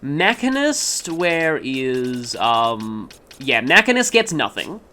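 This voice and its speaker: A man's voice: mid-range voice, sing-song, takes it slowly, bright, forceful tone. A man giving casual gameplay commentary, rambling along with frequent ums and stopping to correct himself mid-sentence. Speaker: let's play commentator.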